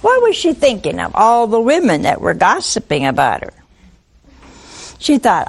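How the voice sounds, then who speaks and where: A woman preaching a sermon, animated and full of rhetorical questions to her listeners. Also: on the high side, moderate pace, creaky, pauses often, slightly rough.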